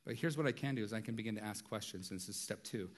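A man's voice: fairly low pitch, racing. A man preaching a sermon in a conversational way, with light humor and frequent rhetorical asides. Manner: light humor, acts out everyday dialogue. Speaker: pastor.

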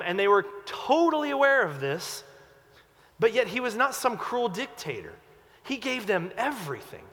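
A man's voice: high voice, fairly bright tone, in a large hall. A man preaching a sermon in an earnest, conversational way. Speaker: pastor.

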